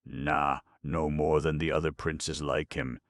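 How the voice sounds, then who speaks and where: A man's voice: very deep voice, level tone, a little slow, a bit bright. A man voicing a gossipy magpie who chatters on, excusing herself, in a storybook reading. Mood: dismissive. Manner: gossipy, laughing.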